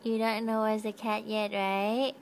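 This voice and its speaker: A woman's voice: mid-range voice, level tone, unhurried, slight background noise. A young woman reading a picture book to her baby at home, asking patient, coaxing questions in a sing-song voice. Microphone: handheld camera.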